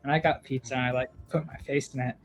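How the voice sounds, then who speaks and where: A man's voice: mid-range voice, steady tone, fast talker, faint music behind, poor audio. A young man, a podcast co-host, telling a long story in casual chat, with lots of fillers, "like" and laughter. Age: young adult.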